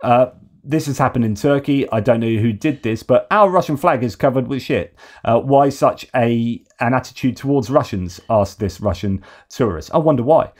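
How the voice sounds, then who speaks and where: With a mid-range, slightly mellow voice at a moderate pace, a man from the United Kingdom hosts a casual news commentary show. He talks loosely and throws in mocking, sarcastic remarks.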